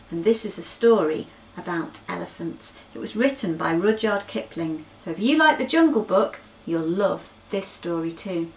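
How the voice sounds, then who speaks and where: Animated woman telling a bedtime story. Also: fairly low pitch, distant mic, a little hiss or hum, low-quality recording. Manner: animated, sing-song storytelling with gasps. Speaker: children's storyteller. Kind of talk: bedtime story reading for children.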